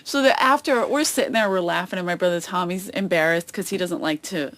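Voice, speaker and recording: A woman's voice: lowish voice, a little fast. Woman comic guest on a podcast, chatty storyteller, does little voices for people. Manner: animated storytelling, acts out quoted voices. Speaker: comedian guest. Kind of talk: casual chat. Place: outdoors on a boat.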